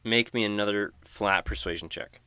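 A man runs a tabletop game, narrating in a relaxed, casual way. His voice sits low. The recording is close and dry. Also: moderate pace, clean tone, dry recording. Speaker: game master.

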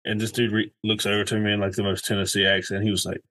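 Animated man acting out his stories. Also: lowish voice, quick pace, poor audio. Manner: animated storyteller, acts out quotes. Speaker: podcast co-host. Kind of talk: casual chat.

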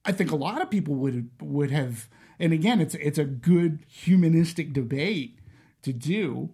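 A man co-hosting a casual film discussion, talking in an animated way with frequent restarts as he thinks aloud. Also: fairly high pitch, moderate pace, husky. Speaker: podcast co-host.

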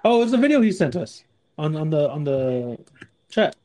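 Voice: mid-range voice, very animated, moderate pace, dark tone, a little hiss or hum. A podcast co-host in casual chat, often laughing.

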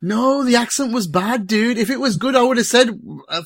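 A man hosting a casual film discussion, animated and quick to swear. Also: very high-pitched, no echo, clean studio sound. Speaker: host.

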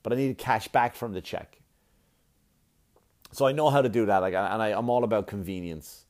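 A man doing a stand-up comedy set, telling stories in a profane, animated way. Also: lowish voice, normal speed. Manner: profane, animated storytelling with exaggerated quoted voices.

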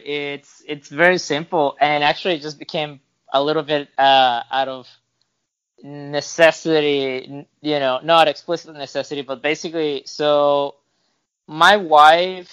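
A man with a fairly high voice, chatting as a podcast guest. He rambles with frequent restarts and filler words, and the audio sounds muffled and lo-fi. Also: fairly bright tone, clear, resonant tone. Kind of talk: casual storytelling interview.

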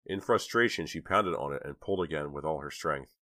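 A man narrating a young-adult thriller audiobook in measured, even storytelling. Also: rumbling low, no echo, studio quality. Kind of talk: scripted narration.

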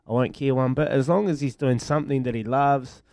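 A man's voice: medium pitch, steady tone, fairly quick, a little mellow, dry recording, studio quality. A young man with a New Zealand accent, co-hosting a casual chat in an easygoing, slightly hesitant way. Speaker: co-host.

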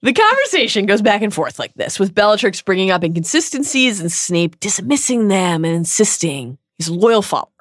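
Woman, podcast co-host, lively intonation, laughs often, studio mic, dry sound. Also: medium pitch, fairly quick, few pauses, dry recording. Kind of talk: casual podcast discussion.

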